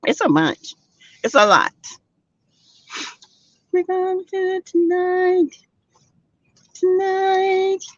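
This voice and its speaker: A woman's voice: on the high side, no echo. A middle-aged woman, hosting a casual gossip livestream and chatting straight to her viewers. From South Carolina, US. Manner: animated, exclaims, talks straight to the chat. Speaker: livestream host. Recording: dull lo-fi stream audio.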